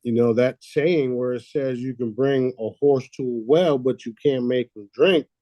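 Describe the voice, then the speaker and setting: A man's voice: medium pitch, normal speed, dry recording, highs cut off. A man hosting a casual talk, boastful and preachy, swearing freely and laughing at his own lines. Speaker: host.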